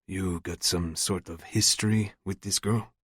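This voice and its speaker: An older crime boss with a thick Brazilian accent, as a male narrator puts him on. His voice sits low and controlled, with cold menace under every word. The read is dry and close, with no room around it. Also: fairly even intonation, a little slow, fairly bright tone, breathy edge, no room sound, heavily acted. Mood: calm. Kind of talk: audiobook narration.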